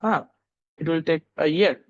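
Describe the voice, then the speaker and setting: A man's voice: fairly high pitch, moderate pace. A man from Nepal with a Nepali accent, teaching English pronunciation in a live online class, repeating each sound several times and using many fillers. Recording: dull lo-fi audio.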